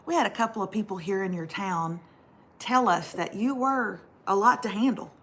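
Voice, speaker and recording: A man's voice: high-pitched, normal speed, fairly bright tone, voice pushed down. A woman voicing a polite, eager young man who asks sheepish favors while she tells a story. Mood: sheepish pleading.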